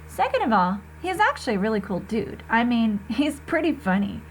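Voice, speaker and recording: A woman teacher reading a novel aloud to her students, expressive and conversational, talking to the class directly. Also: a little high, brisk, few pauses, slight background noise.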